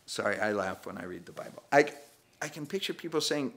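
A man's voice: mid-range voice, big pitch swings, normal speed, vocal fry, long pauses, sharp tone. A man preaching a sermon as pastor, chatty and self-deprecating, often acting out little voices and laughing at the text. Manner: conversational, self-deprecating, acts out voices with humor. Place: church.

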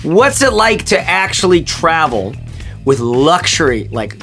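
A man talking casually in a review vlog, rambling and animated, with lots of fillers and jokes. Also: fairly high pitch, unhurried, soft background music. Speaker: bag reviewer.

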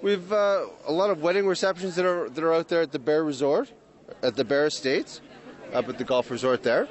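A man's voice: on the high side, fairly quick. A man, an executive chef, chatting cheerfully with many fillers during a cooking demo outdoors. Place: outdoor community event.

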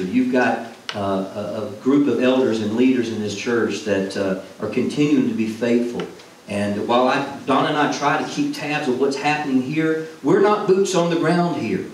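A man preaching a sermon as a former pastor, earnest and repeating phrases for emphasis. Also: medium pitch. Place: church sanctuary. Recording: echoey hall, from far off, faint noise.

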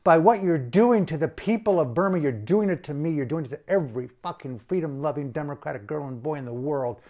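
A man's voice: fairly high pitch, expressive, brisk, warm tone. A man delivering an impassioned, blunt and profane rant as an activist.

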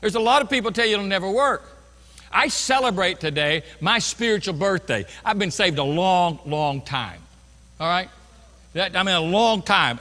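Emphatic preacher with a bright high voice. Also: male voice. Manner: emphatic preaching, swings from quiet storytelling to loud crying out. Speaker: pastor. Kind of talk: sermon. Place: large church sanctuary. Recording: long hall reverb in a church.

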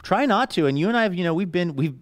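A man's voice: high-pitched, animated, quick pace, dry recording. A man hosting a podcast in casual comedic chat, rambling and self-mocking, recorded in a studio. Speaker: podcast host.

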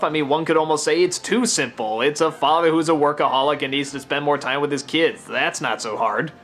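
A man giving an enthusiastic film review, gushing and rambling with animated asides. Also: high-pitched.

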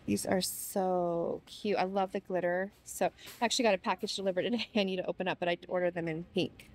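Young woman vlogger, bubbly and excitable, talking through a shopping walk-through in a large store. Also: fairly low pitch, brisk, a little hiss or hum. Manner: gushing, gasping with delight. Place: inside a large retail store.

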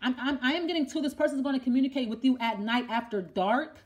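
A young woman with a high voice gives a tarot reading, talking to her listener directly. She rambles and thinks aloud, often repeating phrases as she asks the cards what they mean. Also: quick pace, a little mellow. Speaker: tarot reader.

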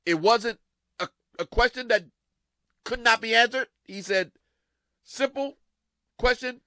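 A man pastor preaching a sermon dramatically, repeating his phrases and swinging from hushed to loud. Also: very high voice, a little slow, long pauses, dry recording.

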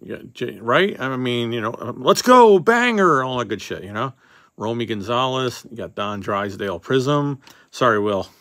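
A man's voice: mid-range voice, normal speed, pushed and bright, no echo, clean studio sound. A man hosting a casual card-opening session, reading off names as he goes and joking offhand with a few swear words. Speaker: card box breaker host.

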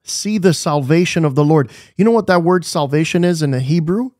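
A man's voice: fairly high pitch, a little fast, darkish tone, no room sound, studio quality. A man preaching a devotional sermon, asking the listeners questions and repeating his key phrases with emphasis.

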